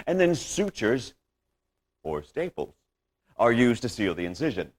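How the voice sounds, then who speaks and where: A man performing a one-man stage monologue, theatrical, swinging between loud outbursts and hushed recollection. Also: medium pitch, sing-song, unhurried, pauses often.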